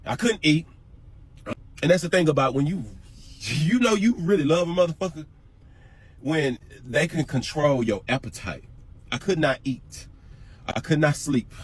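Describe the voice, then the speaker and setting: A man's voice: medium pitch, lively intonation, moderate pace, breathy edge. A man telling a personal prison story in an emphatic, profane, repetitive way. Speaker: storyteller in a reacted clip. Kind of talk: emotional storytelling.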